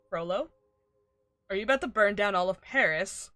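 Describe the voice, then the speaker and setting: A woman streaming a game live, reacting excitably with swearing, shouts and laughs. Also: medium pitch, moderate pace, long pauses, soft background music.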